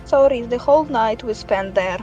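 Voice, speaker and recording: A woman's voice: a little high, moderate pace, dark tone, highs cut off, faint music behind. A woman playing a tabletop game, speaking partly in character with polite lines. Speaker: player.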